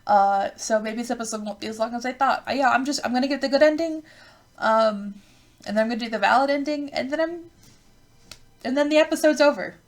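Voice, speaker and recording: Rambling woman with a creaky voice. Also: a little high, brisk, soft background music. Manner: rambling, self-interrupting, ranting. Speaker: let's play host. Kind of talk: casual visual novel playthrough, reading aloud.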